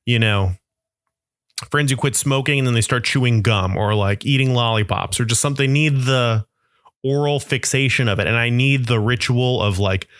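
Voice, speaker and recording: A man's voice: mid-range voice, a bit bright, no echo. Young guy doing a rambly self-mocking podcast bit, dry close sound. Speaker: podcast host. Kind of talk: comic podcast monologue.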